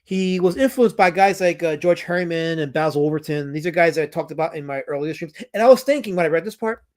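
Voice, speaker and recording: A man's voice: fairly high pitch, fast. A man hosting a casual livestream, reading out chat comments and rambling with many restarts and fillers.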